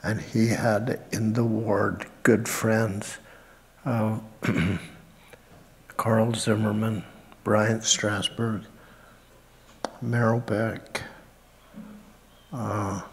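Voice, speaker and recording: An older man from Utah giving a halting family tribute at a memorial and reading scripture aloud. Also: on the low side, flat delivery, gravelly. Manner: halting, with frequent pauses and fillers. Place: church sanctuary. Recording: reverberant church hall.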